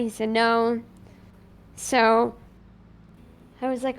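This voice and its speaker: Speaking slowly with frequent pauses, this woman has a slightly high, gravelly voice and a flat delivery. As a streamer in character as a police officer, she animatedly recounts roleplay events and voices both sides of the conversation.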